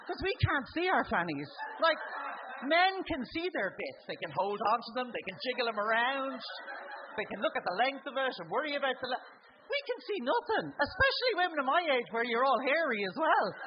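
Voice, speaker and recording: A middle-aged Irish woman doing a stand-up comedy story, talking conversationally and jumping her voice up high for the lines she acts out. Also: big pitch swings, moderate pace, muffled recording, background noise. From Ireland. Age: 40s or older. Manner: conversational storytelling, leaping up in pitch for acted-out exclamations. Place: live comedy venue.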